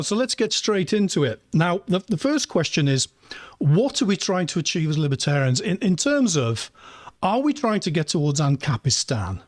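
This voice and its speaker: A man with a slightly high voice hosts a podcast interview, asking chatty, rambling questions packed with fillers. The recording is clean studio sound with no echo.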